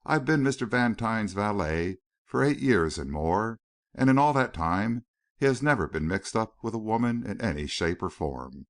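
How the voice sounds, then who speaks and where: Man voicing a loyal valet, deferential, sir at every turn, low voice, lively inflection. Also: moderate pace, lightly acted. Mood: emphatic. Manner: respectful, says sir often. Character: Parks, a loyal, deferential middle-aged male valet.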